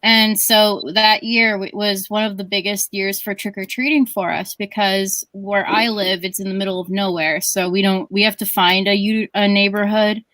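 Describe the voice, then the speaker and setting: A woman's voice: mid-range voice, little pitch movement, moderate pace, few pauses, a bit bright, dry recording, low-quality recording. A woman co-hosting a stream, telling stories in a rambling, chatty way with many restarts. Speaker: stream co-host. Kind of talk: casual storytelling chat.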